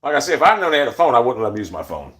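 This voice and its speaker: A man's voice: mid-range voice, sing-song, very fast, a bit bright. A man telling stories in a casual, rambling monologue, blunt and profane, with many restarts. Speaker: storyteller.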